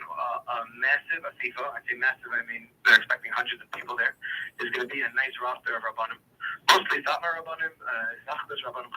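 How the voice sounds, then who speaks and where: A man speaking as a guest on a phone-in talk show, rushing through his account with many restarts and asides. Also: mid-range voice, pushed and bright, slightly rough, low-quality recording.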